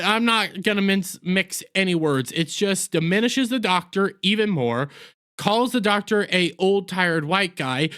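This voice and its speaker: Man reviewer, highish smooth voice, blunt and crude, sarcastic rant. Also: fairly bright tone. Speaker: video reviewer. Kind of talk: ranting TV review.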